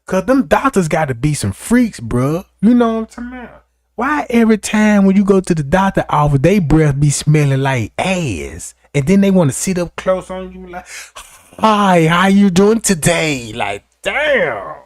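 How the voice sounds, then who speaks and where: A man's voice: sits high, normal speed, no room sound, clean studio sound. A young man telling a comic story, talking loosely and profanely and often checking in with the listener. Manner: animated, profane, keeps asking "you know what I'm talking about". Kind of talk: comedic storytelling.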